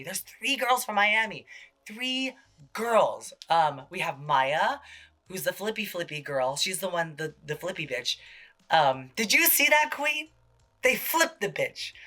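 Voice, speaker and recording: A man hosting a casual TV recap, gossipy and full of swearing, jumping into quick impressions. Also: high-pitched, pushed and bright. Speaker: show host.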